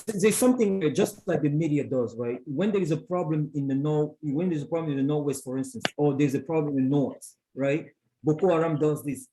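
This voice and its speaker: A man's voice: on the high side, dark tone, slight background noise, poor audio. A man hosting an interview chat, who asks pointed questions and cuts in to challenge his guest. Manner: challenging, interrupts to push back. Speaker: host.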